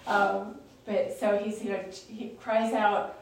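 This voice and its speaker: A woman's voice: medium pitch, flat delivery, takes it slowly, slight background noise. A woman leading a Bible study, explaining scripture in a chatty, conversational way with frequent fillers and restarts. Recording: echoey room, distant mic.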